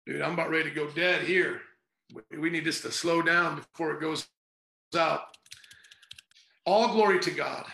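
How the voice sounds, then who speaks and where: Middle-aged male pastor, fervent and sarcastic, bright tense voice in an echoey room. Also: on the high side, little pitch movement, normal speed, creaky. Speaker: pastor and podcast host. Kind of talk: casual preaching podcast.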